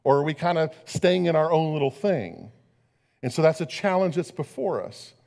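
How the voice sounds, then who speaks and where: A man's voice: on the high side, expressive, normal speed, gravelly, darkish tone, long reverb tail. A man preaching a sermon as pastor, talking conversationally and asking his listeners rhetorical questions.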